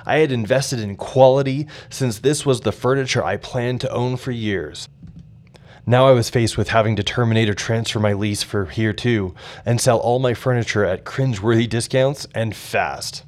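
A man's voice: mid-range voice, normal speed. A young adult man narrating his personal memoir in an earnest, reflective way.

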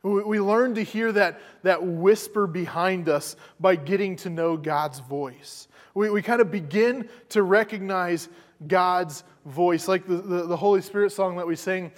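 A pastor delivers a sermon in a relaxed, conversational way, often doubling back on his words. His voice sits a little higher than most men's. The sound carries the long, lingering echo of a large church sanctuary. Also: measured pace. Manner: conversational, repeats words, chuckles.

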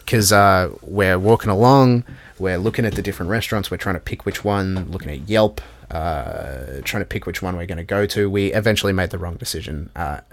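A man's voice: low voice, fairly quick. Sweary Australian man telling stories. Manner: swears a lot, animated storytelling. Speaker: podcast co-host. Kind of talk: casual chat.

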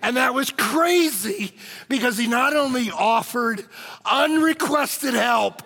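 A male pastor preaching a sermon in a church, animated and joking, calling out to the congregation. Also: very high-pitched, slow pace, vocal fry, in a large hall. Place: church sanctuary.

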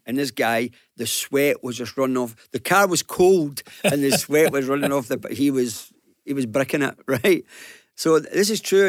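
A man from Glasgow with a Glaswegian Scottish accent, telling a business anecdote on a radio show with lively acted-out quotes. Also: mid-range voice, no echo, studio quality. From Glasgow, Scotland. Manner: lively storyteller, acts out quotes, chuckles. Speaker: business guest panellist.

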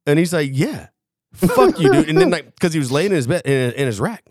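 A man's voice: a little high, expressive, quick pace, a little mellow, no echo, studio quality. A man in casual podcast chat, telling a long story in a rambling, profane way, laughing and acting out what people said. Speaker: podcast co-host, former Marine.

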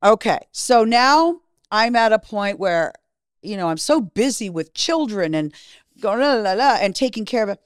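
A woman in her fifties, interviewed as a guest, tells her story bluntly, swearing freely and acting out what people said. Her mid-range voice is animated and smooth at a normal speed, recorded with studio quality and no room sound.

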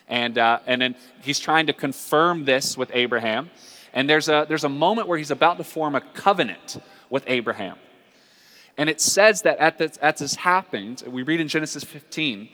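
A man's voice: mid-range voice, lively intonation, bright, forceful tone. Earnest preaching man in an echoing hall. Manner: earnest, conversational preaching with drawn-out dramatic pauses. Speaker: pastor. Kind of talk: sermon. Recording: long hall reverb.

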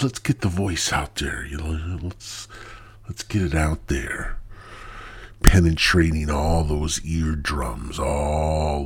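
A man's voice: rumbling low, slow, husky. A stoned man hosting his own podcast in a crude, rambling monologue that loses its thread. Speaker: podcast host.

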